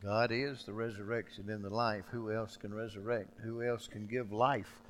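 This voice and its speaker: A man preaching a sermon, acting out quoted speech and swinging dramatically from loud outbursts to hushed lines. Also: lowish voice, little pitch movement, moderate pace, a little hiss or hum.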